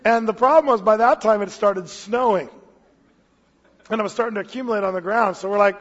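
A fairly high-voiced man preaching in an easy, chatty way, slowing down whenever he reads scripture aloud. His voice carries a long hall reverb, and the recording sounds slightly muffled. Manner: casual, storytelling, reads scripture slowly. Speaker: pastor. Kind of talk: expository sermon.

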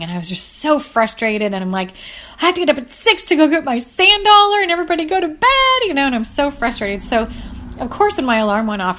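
A woman telling a personal faith story in casual storytelling style, animated and chatty, her voice rising high when excited. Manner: frequent "like" and "you guys".

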